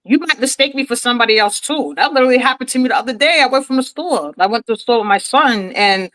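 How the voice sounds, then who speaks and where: A woman's voice: on the high side, quick pace, sharp tone, no room sound, rough recording. A woman co-hosting a casual podcast chat, talking in a blunt, streetwise way.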